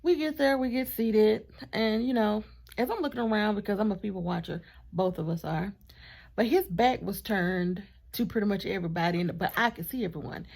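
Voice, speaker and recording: A woman vlogger telling a storytime in a chatty, animated way, with asides to her partner off camera. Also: mid-range voice, a little fast, gravelly. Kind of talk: casual storytime vlog.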